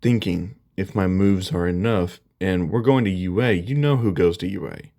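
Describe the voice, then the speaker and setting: A man's voice: low-pitched, moderate pace, gravelly, dark tone. A man voicing an earnest, friendly teenage boy hero in a spoken fan story. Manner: earnest, lecturing.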